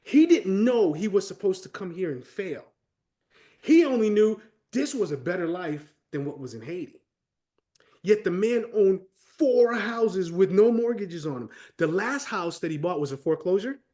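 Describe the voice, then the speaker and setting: High-pitched connecticut guy, animated storyteller on a webinar, really emphatic. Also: moderate pace. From Connecticut, USA. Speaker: guest co-presenter.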